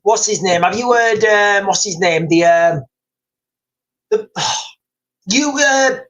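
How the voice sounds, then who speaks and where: A man hosting a livestream, chatting casually and reading out viewer comments in a rambling, excitable way with lots of repeats and fillers. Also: sits high, slow pace, poor audio. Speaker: livestream host.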